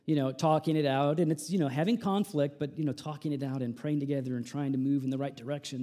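A man preaching a sermon in a conversational way, full of rhetorical asides, dropping to hushed lines and rising to loud emphatic peaks. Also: on the high side. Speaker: pastor.

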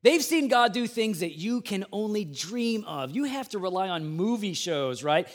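A man preaching a sermon in a conversational way, moving between loud emphasis and quiet asides. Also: high-pitched. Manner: plays out the grumbling people in a raised voice. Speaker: pastor.

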